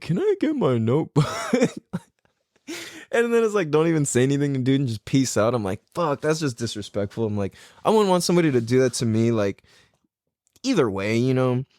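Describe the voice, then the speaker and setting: Animated, laughing man telling a story. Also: medium pitch, no echo, studio quality. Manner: animated, profane, laughing often, acts out his own thoughts. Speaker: podcast host. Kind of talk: casual storytelling monologue.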